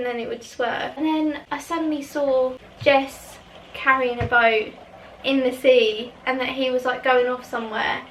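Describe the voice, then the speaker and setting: A woman's voice: high-pitched, steady tone, normal speed, reverberant, far from the mic, slight background noise, rough recording. A woman telling a long story in a casual, rambling way, often laughing mid-sentence. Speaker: vlogger.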